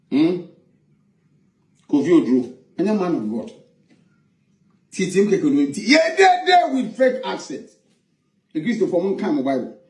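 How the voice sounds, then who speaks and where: A man's voice: on the high side, a little mellow. Mocking Ghanaian man, echoey and distant. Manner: mocking, theatrical, mixes preaching and jokes. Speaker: commentator. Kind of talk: animated social-media commentary.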